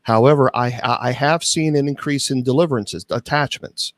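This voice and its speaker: A man's voice: medium pitch, fairly quick, dry recording. A man from Kentucky with a light Southern accent, a bishop and exorcist guest talking earnestly in a casual podcast interview, often repeating his opening words. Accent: American Southern. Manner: earnest, repeats words when starting sentences.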